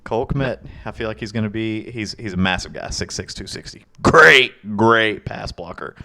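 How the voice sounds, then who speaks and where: A laid-back man with a fairly low voice, hosting a casual sports podcast. He jokes around easily while keeping the conversation moving. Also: fairly quick. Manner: relaxed, jokey, steers the talk. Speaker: podcast host. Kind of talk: casual banter about fantasy football.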